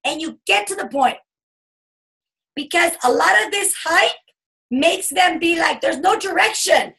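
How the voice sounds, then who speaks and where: A woman giving an animated sales coaching talk over a video call, acting out bubbly chatter as she teaches. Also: very high-pitched, measured pace, vocal fry, poor audio. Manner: animated, acts out bubbly customer chatter in a squealing voice. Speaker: guest speaker coaching a sales team.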